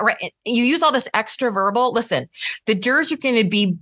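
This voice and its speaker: Bright, lively woman coaching trial lawyers. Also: a little high, brisk, no room sound. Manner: energetic, demonstrates voice tones. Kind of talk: instructional talk to trial lawyers.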